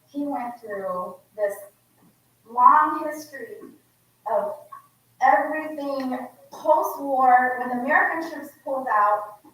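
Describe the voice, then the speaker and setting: Woman from Laos, 40s, heartfelt unscripted storytelling, high voice, echoey hall from far off. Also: slow pace, a bit bright. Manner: heartfelt, conversational, emotional. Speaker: guest author speaking at an event. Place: indoor museum exhibit event.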